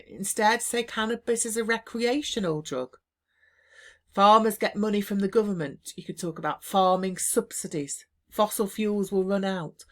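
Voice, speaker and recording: A woman teacher talking students through exam tips over slides in a brisk, emphatic, encouraging way. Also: medium pitch.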